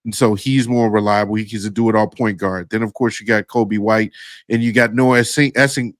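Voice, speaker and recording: A man's voice: lowish voice, steady tone, a little fast, dry recording. Upbeat male sports co-host. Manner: upbeat, hopeful fan talk. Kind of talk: casual sports talk.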